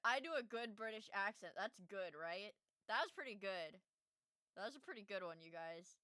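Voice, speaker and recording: A woman's voice: mid-range voice, animated, brisk, sharp tone, smooth, no echo. A young woman streaming, reacting to a video in blunt, profane, jokey casual commentary.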